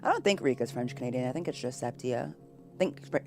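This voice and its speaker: A woman streamer chatting casually with her live viewers, giggly and bubbly, switching between loud excited greetings and quiet asides. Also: rumbling low, faint music behind. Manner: bubbly, giggly, quick to laugh.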